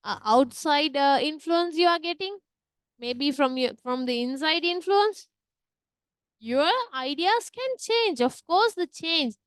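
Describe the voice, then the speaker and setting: A woman's voice: sits high, expressive, slow, dry recording, studio quality. A woman teaching an online literature class, chatty and often asking "right?". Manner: chatty, tags sentences with "right?".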